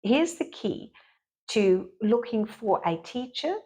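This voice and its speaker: A middle-aged woman, a therapist, frankly and lively telling a personal story as a guest in an interview. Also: on the high side, takes it slowly, breathy edge. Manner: frank and lively, acts out her own inner voice.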